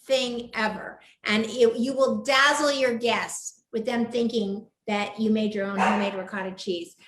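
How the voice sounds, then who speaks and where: A woman's voice: fairly high pitch, noisy background. A woman hosting a live cooking show from her home kitchen, chatting with enthusiasm and gushing over the food. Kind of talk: live cooking demo chat. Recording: echoey room.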